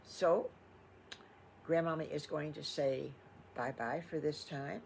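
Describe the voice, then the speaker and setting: Older grandma making up a kids story as she goes, slow and gravelly, chatty, wanders off topic. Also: rumbling low, a little hiss or hum. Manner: chatty and rambling, with fond exclamations. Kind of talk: improvised bedtime storytelling.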